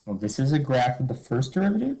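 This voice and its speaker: Very animated and fast, this man has a mid-range voice with a warm tone. He cheerfully reviews math informally, step by step, fielding his own questions and saying "okay" and "cool" frequently, captured on a low-quality recording.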